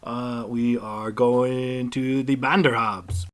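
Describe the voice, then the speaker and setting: Slow, halting male game master. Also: mid-range voice, fairly even intonation. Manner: halting, many fillers. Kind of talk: narrating a tabletop game.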